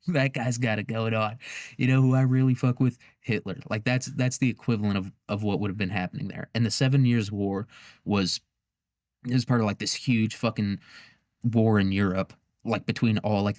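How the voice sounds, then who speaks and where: Low-voiced, profane man riffing on history. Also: no echo, clean studio sound. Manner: profane, rambling, laughs often. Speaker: podcast host. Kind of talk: casual comedic history monologue.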